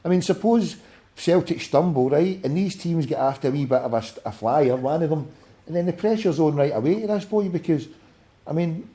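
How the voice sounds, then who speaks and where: Scottish phone-in host, male, sweary and ranty, mellow dark tone. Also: a little high, lively intonation, fairly quick. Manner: sweary, ranting, jokey with callers. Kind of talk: casual sports phone-in.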